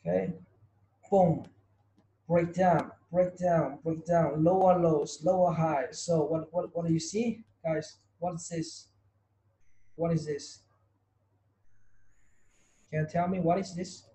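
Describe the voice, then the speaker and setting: A man teaches an online trading class, repeating points and firing rhetorical questions at his students. His voice sits high for a man, with a soft, mellow tone. The sound is roomy, with a clear echo. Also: steady tone, slow, long pauses. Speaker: trading tutor. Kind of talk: online webinar lesson.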